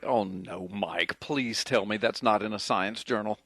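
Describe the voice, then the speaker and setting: A man with a Southern Gulf Coast accent, hosting a radio talk show in a casual, animated way and laughing easily. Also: on the low side, unhurried, dry recording.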